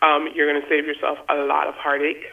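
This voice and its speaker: A woman's voice: deep voice, completely flat delivery, fairly quick, gravelly. A woman calling in as a birthday guest, talking in an emotional, heartfelt way with easy laughs. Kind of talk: casual radio interview on the phone. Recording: tinny phone line.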